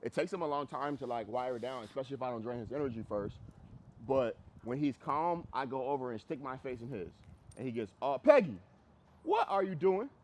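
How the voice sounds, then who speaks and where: A male dog trainer leads a group class in a blunt, conversational way. He keeps hammering points home by repeating phrases. His voice sits at an everyday middle pitch. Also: a little fast, a little hiss or hum. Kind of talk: group class instruction outdoors.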